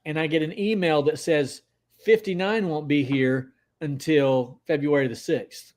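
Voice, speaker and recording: Male livestream host, slightly high voice, casual, excitable, greets chat by name. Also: unhurried.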